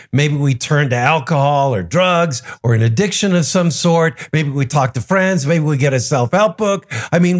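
Male devotional preacher, high voice, earnest, asks rhetorical questions. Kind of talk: devotional sermon.

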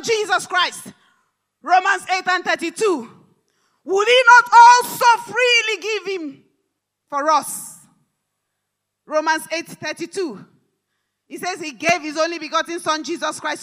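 A woman preacher delivering a live church sermon, fervent and repetitive, rising to shouted declarations. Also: very high voice. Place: large church hall service.

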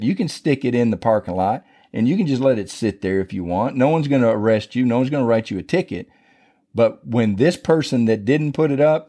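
A middle-aged man gives a devotional talk with an informal, down-home feel. He tells stories in a loose, conversational way. His voice sounds warm and mellow. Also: mid-range voice. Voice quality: folksy, conversational storyteller. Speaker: preacher.

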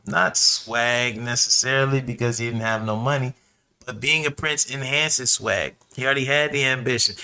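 A man riffing alone on his podcast in a loose, cussing, slang-heavy way. His voice is bright and forceful, with a lot of push behind it. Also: mid-range voice. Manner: animated, profane storytelling with slang and asides. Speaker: podcast host. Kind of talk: casual solo podcast monologue.

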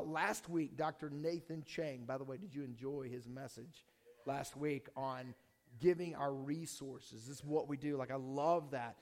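Male pastor, hoarse and strained, chatty sermon delivery, slightly high voice, long reverb. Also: a little mellow. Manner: casual, joking, with many fillers and restarts. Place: church hall before a congregation.

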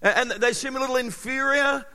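A male pastor preaching a sermon in an animated way, with sudden loud emphasis and quiet, close passages. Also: very high-pitched, brisk. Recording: long hall reverb.

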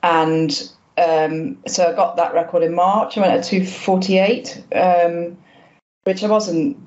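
A woman in her fifties, a guest on a podcast, talking casually and hesitantly with many pauses and restarts, modest about her achievements. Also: on the low side, level tone, a little mellow, highs cut off. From Wales. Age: 50s. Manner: hesitant, lots of ums and restarts, self-deprecating. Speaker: guest, masters swimmer. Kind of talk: casual interview chat.

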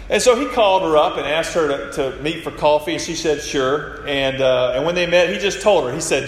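A man's voice: on the high side, brisk, few pauses. A man preaching a sermon, retelling stories and acting out the quoted lines. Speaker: pastor. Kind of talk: sermon with storytelling. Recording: echoey hall with faint noise.

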